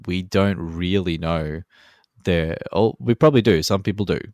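A man's voice: low-pitched, normal speed, a little mellow, no room sound. A man co-hosting a podcast in casual, loose chat, swearing freely, with lots of ums and chuckles. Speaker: podcast co-host.

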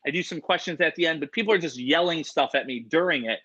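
A man's voice: fairly high pitch, fast talker, breathy edge. A man chatting casually and animatedly, telling stories and acting out other people's voices. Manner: animated storytelling, acts out voices. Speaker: animal show presenter. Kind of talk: casual chat. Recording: dull lo-fi sound.

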